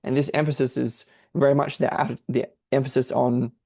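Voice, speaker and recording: Man, gravelly voice, mellow tone, explaining a text while thinking aloud. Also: medium pitch, flat delivery, normal speed, no echo. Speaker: podcast host explaining a text. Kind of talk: exegetical commentary.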